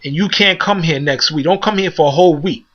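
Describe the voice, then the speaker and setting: A man voicing a gruff store owner who scolds kids and breaks up a fight, in a raised, barking voice. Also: on the high side, brisk, highs cut off, natural voice. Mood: scolding.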